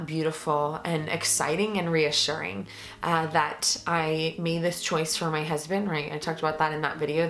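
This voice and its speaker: A woman's voice: lowish voice, fairly bright tone. A young pregnant woman talking earnestly and emotionally to her viewers in a casual vlog, with many fillers. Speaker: vlogger. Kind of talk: casual vlog talk to camera.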